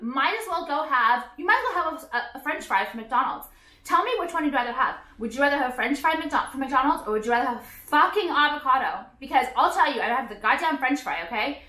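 A woman's voice: sits high, pushed and bright, reverberant. A young woman vlogging in a blunt, profane ranting style, filling her talk with "like". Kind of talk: ranting casual vlog. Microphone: phone camera at arm's length.

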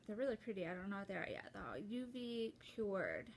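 A young woman chatting casually and excitedly while opening a gift at home, rambling with lots of fillers and restarts. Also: medium pitch, a little fast, a little hiss or hum. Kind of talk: casual unboxing chat.

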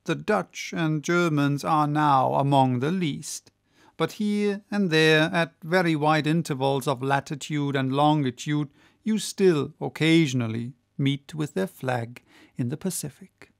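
Audiobook narrator for a classic novel; slow, deliberate pacing; dry close-mic sound. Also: mid-range voice, creaky, dry recording. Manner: measured, unhurried reading.

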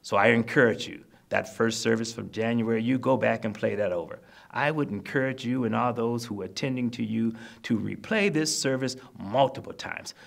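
A man's voice: medium pitch, normal speed, vocal fry, few pauses. A man preaching a sermon to nursing home residents, explaining scripture plainly and repeating his points to encourage them. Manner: repetitive, exhorting, explains scripture in plain terms. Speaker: minister.

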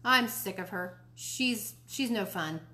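A woman reading a storybook aloud, voicing a small mischievous boy who is jealous of his baby sister in a high, childlike, whiny voice. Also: takes it slowly, pushed and bright.

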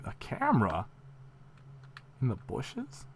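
A young man commenting as he plays a video game, excitable and full of sudden exclamations. His voice sits low for a man, with faint hiss in the background. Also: takes it slowly, gravelly, long pauses. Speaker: let's play gamer.

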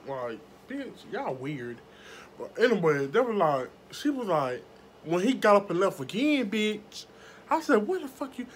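A woman vlogger telling a story to her viewers in a casual, animated way, swearing freely. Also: fairly low pitch, a little slow, slight background noise. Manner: animated, profane, talks straight to viewers.

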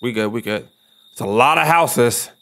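A man's voice: medium pitch, animated, normal speed, a bit bright. A young man casually commenting while he plays a game, laid-back and self-mocking, often muttering and swearing under his breath. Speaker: streamer playing a game.

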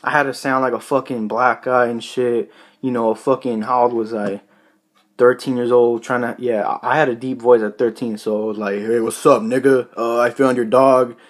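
A man's voice: mid-range voice, little pitch movement, moderate pace. A young man in his late teens talking casually to camera in a rambling, profane way, full of "you know" fillers. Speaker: vlogger. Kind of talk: casual rambling vlog talk.

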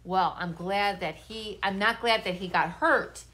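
A woman's voice: medium pitch, unhurried. A woman reading a children's story aloud and talking directly to the children listening. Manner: animated, talks directly to children.

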